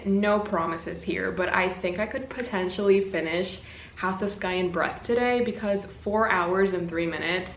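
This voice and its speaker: A young woman in her twenties chatting casually as a book vlogger at home, easily getting giddy and breathless with excitement. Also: mid-range voice. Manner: chatty, quickly overexcited and giggly. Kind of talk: casual vlog talk. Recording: roomy home room, faint background hiss.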